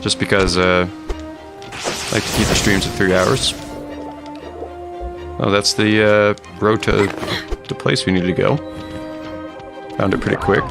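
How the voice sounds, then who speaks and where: In this casual gaming commentary, a man streaming a video game rambles and chats with his viewers during play, with video game music beneath his voice. His fairly low voice is level and unhurried, with vocal fry and frequent pauses.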